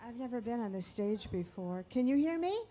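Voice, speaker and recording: A woman's voice: a little high, expressive, a little fast. A female comedian arriving on a cabaret stage, chatting with scattered questions to the audience. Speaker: comedian guest. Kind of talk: stage banter. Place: small cabaret club stage.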